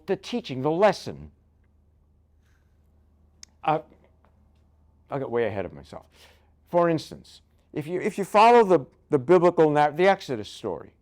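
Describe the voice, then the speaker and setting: Older guy, rabbi teaching bible, jokey asides, keeps saying right?, slightly high voice. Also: darkish tone. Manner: joking, keeps asking "right?". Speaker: rabbi giving a guest lecture. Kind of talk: conversational Bible lecture.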